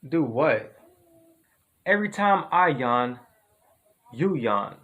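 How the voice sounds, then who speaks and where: A man's voice: medium pitch, sing-song, slow pace, a bit bright, dull audio. A man performing a comedy sketch dialogue, trading slangy, profane street banter.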